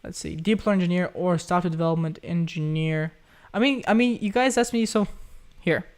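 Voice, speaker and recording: Young male live-stream host, from Ukraine, smooth slightly high voice, loose chatty delivery answering viewer questions. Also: fairly quick. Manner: chatty, reads chat questions aloud, says "guys" often. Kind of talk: casual live Q&A.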